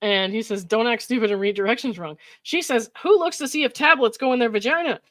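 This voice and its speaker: A woman's voice: on the high side, quick pace, no echo. Woman, commentary host, reads texts aloud, laughs a lot, incredulous asides, dry close sound. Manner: laughs often, reads quoted texts with mock emphasis, frequent likes and ums.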